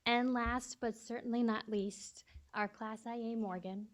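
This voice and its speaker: A woman's voice: on the high side, steady tone, measured pace. A woman supervising a guide dog class, giving a graduation speech full of thank-yous and getting a little teary. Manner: warm, emotional thank-yous, slightly teary. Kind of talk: ceremony speech. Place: event room.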